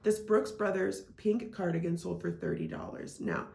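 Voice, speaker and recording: Chatty woman with a low, gravelly voice. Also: steady tone, normal speed, warm tone. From Iowa, United States. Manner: chatty, with frequent "like" and "um" fillers. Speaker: reseller vlogger. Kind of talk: casual vlog chat. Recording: echoey room.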